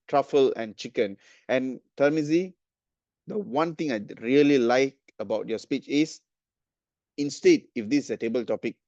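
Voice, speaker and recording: A man's voice: medium pitch, darkish tone, no room sound, highs cut off. A man evaluating speeches at a club meeting, hesitant, with many fillers and restarts. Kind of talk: giving spoken feedback at a club meeting.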